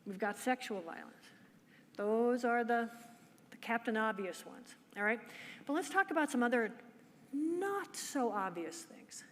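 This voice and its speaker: A woman's voice: a little high, lively intonation, measured pace. Woman lecturing in a reverberant hall. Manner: engaging, poses rhetorical questions to the audience. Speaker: nurse researcher presenting at a conference. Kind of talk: conference lecture. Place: conference hall. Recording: long hall reverb, faint background noise.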